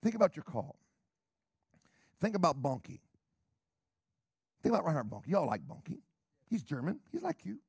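A middle-aged man preaching a sermon with emphatic repeated questions, dropping to whispers and rising to loud calls. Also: a little high, big pitch swings, measured pace, long pauses, slightly rough, no room sound, clean studio sound.

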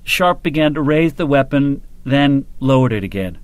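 A male audiobook narrator with a mid-range voice reads a scripted story in a steady, measured way.

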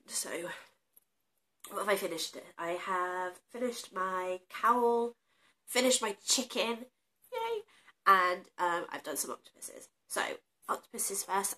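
A woman's voice: on the low side, sharp tone. A woman with a stuffy, nasal voice from a cold, chatting casually and self-deprecatingly as she shows off her crochet projects. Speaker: crochet vlogger. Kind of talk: casual show-and-tell chat.

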